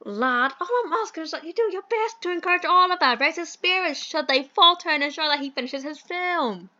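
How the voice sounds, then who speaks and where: A woman voicing a fussy, flowery old-fashioned gentleman in a dating sim, with a put-on British accent and a pompous, theatrical manner. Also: very high-pitched, expressive, brisk, dull audio, full character voice.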